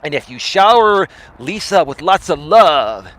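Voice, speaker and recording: A man doing a booming strip club DJ. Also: very animated, a bit bright. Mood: hyping. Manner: drawn-out, booming showman delivery. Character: smooth-talking male strip club DJ announcer.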